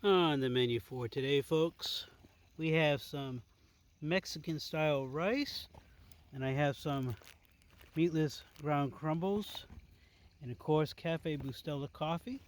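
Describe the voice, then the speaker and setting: A man's voice: on the high side, slow, low-quality recording. A man vlogging outdoors by a waterfall in a forest, talking to viewers casually and with enthusiasm, calling them folks. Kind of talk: casual nature vlog, talking to camera. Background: running water.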